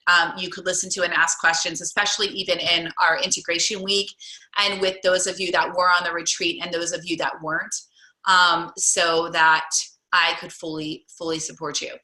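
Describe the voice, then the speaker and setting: Female group coach, bright tense voice, chatty and encouraging, echoey room. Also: lowish voice, flat delivery, moderate pace. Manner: chatty, encouraging, many fillers. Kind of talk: group call coaching talk. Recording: roomy echo.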